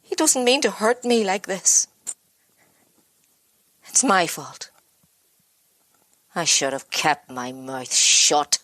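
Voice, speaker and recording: An actress playing an exhausted, abused mother who blames herself, speaking in a halting, broken inner monologue. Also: lowish voice, sing-song, a bit bright, no echo, full character voice. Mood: distraught. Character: exhausted, self-blaming abused mother, worn down. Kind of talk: dramatic monologue.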